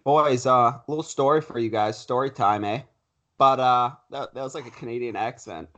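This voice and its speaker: A young man tells a story on a casual podcast, animated and acting out what people said. His voice sits in a middle pitch, plain and easygoing. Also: a little fast, highs cut off. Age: young adult. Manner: animated storyteller, acts out quotes. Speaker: podcast co-host.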